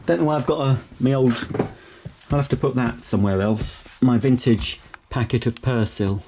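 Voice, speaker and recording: A man's voice: mid-range voice, fairly even intonation, normal speed, a little mellow, slight background noise. A middle-aged man, chatting in a sentimental, self-mocking way as he sorts through old belongings at home. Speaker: vlogger. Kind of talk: casual chat while sorting belongings. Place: home, indoors.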